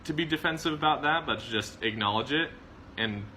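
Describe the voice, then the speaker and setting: A man co-hosting a casual chat about marriage, relaxed and rambling, often laughing. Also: a little high, fairly quick, slight background noise, poor audio. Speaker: co-host of a marriage channel.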